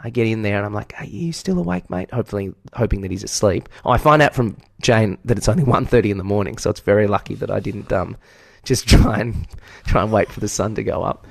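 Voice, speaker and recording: With a low-leaning, creaky voice and a fast delivery, this Australian podcast co-host spins a long, casual story, swearing freely and poking fun at himself with candor. There's no room sound on the recording.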